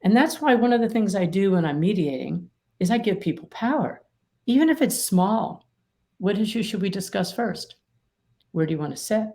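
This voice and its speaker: Gravelly-voiced middle-aged woman, emphatic. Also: mid-range voice, normal speed. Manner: emphatic, animated explaining with vivid examples. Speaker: attorney mediator, guest author. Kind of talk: interview conversation.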